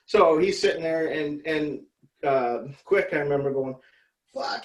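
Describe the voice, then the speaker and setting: A man's voice: fairly high pitch, normal speed, echoey room, low-quality recording. A man telling a story as an interview guest, casual and profane, rambling and laughing as he goes.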